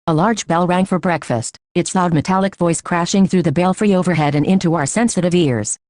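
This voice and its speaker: A woman reading a school textbook aloud as an audiobook, in a steady, measured way. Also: on the low side, no echo. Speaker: audiobook reader.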